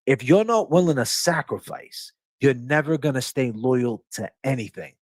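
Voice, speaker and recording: A man's voice: mid-range voice, expressive, moderate pace, dry recording. A man hosting a livestream in casual talk. He is emphatic and profane, preaching and repeating his phrases for force. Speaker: livestream host.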